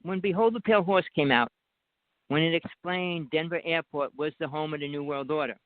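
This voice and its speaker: A man's voice: on the high side, brisk, no room sound. A man with a New Jersey accent, calling in to a talk show and talking at length in an insistent, rambling way, pushing on over interruptions. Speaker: guest caller. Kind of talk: casual talk show chat. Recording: dry tinny phone line.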